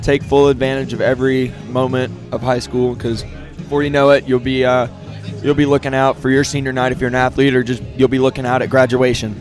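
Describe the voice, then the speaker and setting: A teenage man talks football commentary in an even, earnest way, his pitch held very flat and mid-range. Music plays clearly behind him. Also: brisk. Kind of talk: casual commentary chat.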